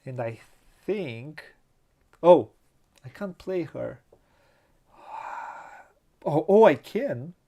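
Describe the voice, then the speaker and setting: Host of a tabletop playthrough: a man with a Romanian accent who speaks at a very unhurried pace and mutters his moves aloud. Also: fairly high pitch, expressive, gravelly, mellow. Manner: slow, hesitant, muttering to himself, laughs often. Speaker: board game channel host. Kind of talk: thinking aloud during a board game playthrough.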